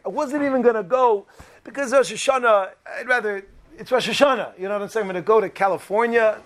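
A man giving a talk, telling a humorous personal story in an animated, chatty way, restarting sentences and mixing in Hebrew terms. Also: sits high, a little hiss or hum. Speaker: speaker giving Torah talks.

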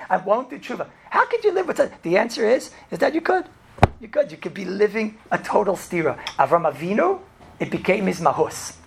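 A man with teaching a class as a rabbi, telling stories in a lively way and often asking "right?". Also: high voice, creaky, a little hiss or hum. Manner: animated, acts out characters, frequent "right?" and "you know". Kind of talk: storytelling Torah class.

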